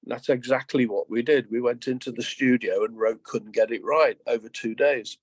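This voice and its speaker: An older man in his seventies chats as an interview guest, rambling through stories and stumbling over restarts. His voice sits at an ordinary pitch, recorded dry and close with no room sound. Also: fairly even intonation, normal speed, husky, no room sound. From England. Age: 70s. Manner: rambling, anecdotal, frequent restarts. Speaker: guest musician. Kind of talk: casual interview.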